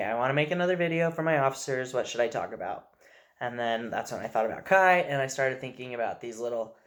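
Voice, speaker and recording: A father speaking in a casual video message, telling gentle, earnest stories about his young son. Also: medium pitch.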